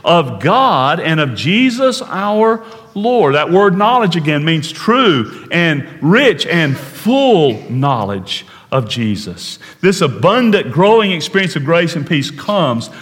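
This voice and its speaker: A man preaching a sermon in an earnest way, slowing down to stress key words and dropping to a hush at times. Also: on the high side, sing-song, long reverb tail. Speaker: pastor.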